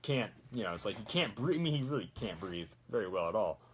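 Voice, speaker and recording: A man's voice: fairly low pitch, sing-song, quick pace, noisy background. A man chatting casually while making a prop, rambling with self-mocking jokes. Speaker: prop maker. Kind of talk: casual workshop chat.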